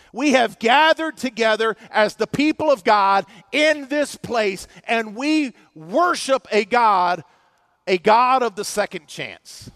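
High-pitched guy preaching a sermon, goes loud then quiet, dry close sound. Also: no room sound. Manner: expressive preaching, swinging from loud to hushed. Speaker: pastor. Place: church.

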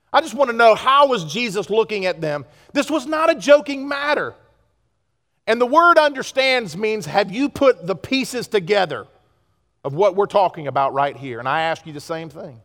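A pastor preaching a sermon to his congregation, with pleas that swing from loud urgency to hushed earnestness. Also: sits high, big-room sound. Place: church sanctuary.

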